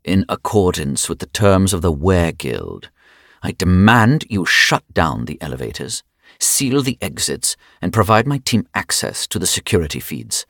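A man's voice: low-pitched, very animated, moderate pace, fairly bright tone, dry recording, clean studio sound, exaggerated voice. A man voicing a smug, condescending official with a German accent, spitting out his demands. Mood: commanding.

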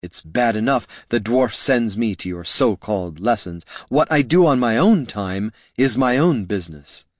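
A man's voice: mid-range voice, lively intonation, normal speed, few pauses, no room sound, clean studio sound, lightly acted. A man voicing a proud, fierce young woman mage who snaps and talks back defiantly in an audiobook. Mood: snapping. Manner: sharp, snapping, defiant.

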